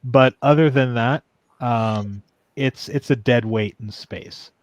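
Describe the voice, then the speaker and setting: A man's voice: mid-range voice, slow pace, dry recording, lo-fi sound. Guy running a sci-fi tabletop game, lots of ums, dry close mic. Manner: explains rules patiently with many ums and restarts. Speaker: game master.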